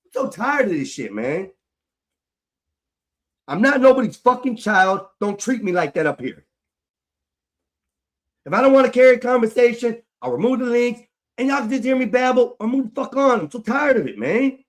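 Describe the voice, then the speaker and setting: A man's voice: extremely high pitch, sing-song, moderate pace, long pauses. A grown man ranting on a livestream, profane and frustrated, repeating himself as he vents. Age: adult. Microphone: streaming mic.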